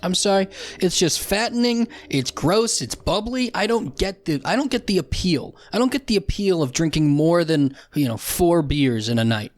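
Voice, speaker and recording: A man's voice: a little high, lively intonation, moderate pace, hardly any pauses, no room sound. A young man hosting a solo comedy podcast, ranting with profanity and sarcasm and often restarting his sentences. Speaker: podcast host.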